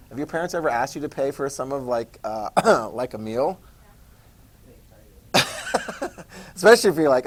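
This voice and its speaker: A man's voice: mid-range voice, lively intonation, normal speed, pauses often. A man teaching a history class in a conversational lecture style, repeating key points and checking that students follow. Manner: conversational, repetitive, checks understanding.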